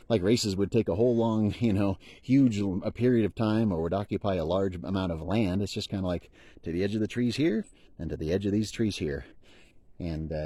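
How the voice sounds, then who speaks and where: A deep-voiced middle-aged man films himself on a mountain trail, talking in a rambling, cheerful way. His voice is low, mellow and a little husky, and the sound is dry and close to the mic. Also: no echo. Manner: rambling, enthusiastic, self-deprecating. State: out of breath after sprinting. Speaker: hiker vlogger. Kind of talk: casual outdoor vlog narration. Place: outdoors on a high mountain meadow trail.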